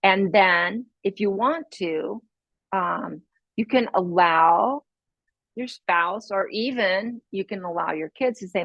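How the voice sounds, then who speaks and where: A woman's voice: mid-range voice, takes it slowly, gravelly, no echo. A middle-aged woman hosting a podcast, giving casual parenting advice in a chatty way, laughing often and acting out little scenes. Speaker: podcast host. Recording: dry, dull lo-fi sound.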